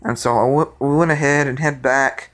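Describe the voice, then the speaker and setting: A young man telling a story from his life in a rambling, excitable way, with many restarts. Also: mid-range voice, normal speed. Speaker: vlogger. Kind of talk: casual storytelling.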